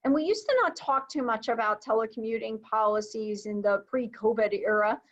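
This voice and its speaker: A woman's voice: a little high, brisk. A woman presenting a recorded training webinar, explaining in a conversational way with frequent fillers. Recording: dull, lo-fi webinar audio.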